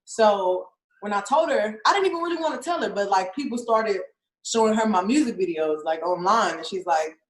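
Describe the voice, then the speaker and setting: A woman's voice: mid-range voice, animated, a little fast. A young woman rapper, chatting in an interview, laughing often and saying "like" constantly. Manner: laughs often, fills speech with "like". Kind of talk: casual interview chat. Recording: roomy echo.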